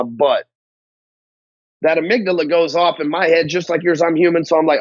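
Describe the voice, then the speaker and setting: A man with a fairly high voice gives a blunt, swear-filled motivational business talk straight to camera. The sound is dull and lo-fi, with a dry, close feel and no room echo. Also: animated, moderate pace, long pauses, slightly rough. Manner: blunt, heavy swearing, slangy grammar. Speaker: business coach.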